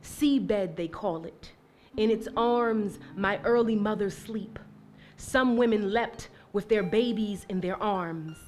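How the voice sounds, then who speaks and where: A young woman from Maryland with an American accent, performing spoken word poetry with rhythmic, emphatic recitation and soft, hesitant spoken introductions at an indoor live event. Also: mid-range voice, slight background noise. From Maryland, USA. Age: young adult. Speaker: poet.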